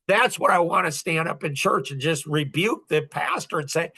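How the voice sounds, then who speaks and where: Podcast host, man, 60s, blunt and preachy, bright voice. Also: a little high, normal speed, slightly rough. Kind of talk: casual podcast talk.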